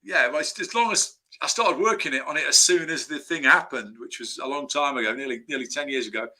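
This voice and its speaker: A man's voice: medium pitch, fairly quick, pushed and bright. A man chatting as a screenwriter guest in a casual interview, telling rambling anecdotes full of restarts.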